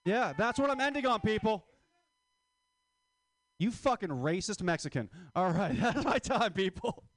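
A man's voice: sits high, animated, unhurried, fairly bright tone, no room sound, clean studio sound. A man in his twenties doing a stand-up comedy set, crude, rambling and self-mocking. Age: 20s. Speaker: stand-up comic.

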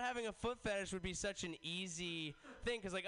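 Man, stand-up comedian, rambling and chatty, slightly high voice. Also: lively intonation, brisk, few pauses, bright, forceful tone. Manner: rambling and conversational, full of "like". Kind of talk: stand-up set. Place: comedy workshop at a community radio station.

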